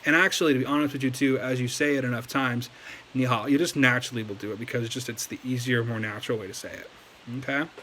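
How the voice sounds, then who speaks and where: A man's voice: mid-range voice, fairly even intonation, fast talker, fairly bright tone, a little hiss or hum. A man giving a casual language lesson on camera, talking loosely with lots of fillers and restarts. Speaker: language learning video host. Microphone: desk setup, moves around in his chair.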